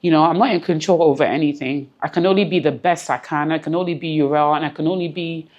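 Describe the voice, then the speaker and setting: Low-voiced woman speaking earnestly. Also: steady tone, fast talker, darkish tone, highs cut off. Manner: earnest, reflective, repeats phrases for emphasis; close to tears at times. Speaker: interview guest. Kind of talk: emotional personal interview.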